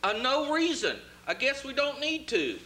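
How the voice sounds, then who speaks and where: A man plays a scheming, commanding lawyer with a very high, bright voice. He speaks calmly and takes charge. The recording is roomy with faint hiss. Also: normal speed, exaggerated voice. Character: scheming smooth-talking male lawyer. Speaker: community theater actor. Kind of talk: stage play acting.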